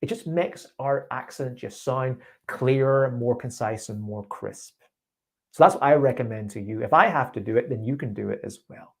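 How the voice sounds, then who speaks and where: Over a video call, a man coaches an IELTS student live, giving encouraging pointers for the speaking test. English is his first language, and his voice is gravelly and medium-pitched, delivered at a moderate pace.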